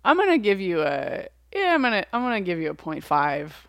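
A woman co-hosts a podcast in relaxed conversation, her voice at a middling pitch for a woman. She talks in a hesitant, thinking-aloud way, padding her sentences with "like" and restarts. The recording is dry and close, with no room sound. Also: brisk, no echo. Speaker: podcast co-host. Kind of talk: casual podcast chat.

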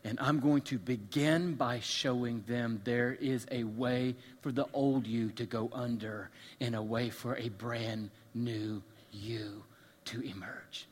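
A male pastor preaching a sermon, swinging from hushed, intimate lines to loud, emphatic repetition. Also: mid-range voice, fairly even intonation, measured pace. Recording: long reverb of a large hall.

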